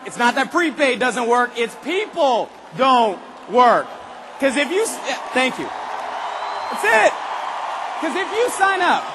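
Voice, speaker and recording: A man giving an energetic convention speech, firing punchy questions at the audience and sometimes bursting into shouts. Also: extremely high pitch, a little hiss or hum. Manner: rapid-fire questions to the audience, punchy and emphatic. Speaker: motivational speaker at a sales convention. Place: large convention hall. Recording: long hall reverb.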